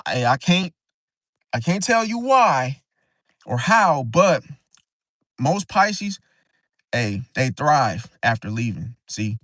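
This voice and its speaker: A man's voice: mid-range voice, a bit bright, no echo. A man hosting an astrology livestream, talking in an emphatic, preachy way and often tagging "see?" onto his points. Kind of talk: casual livestream talk.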